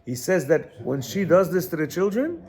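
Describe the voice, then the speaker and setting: High-pitched, animated male teacher. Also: moderate pace. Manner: animated, repeats phrases, checks in with listeners. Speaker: religious class teacher. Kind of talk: reading and explaining a text to a class.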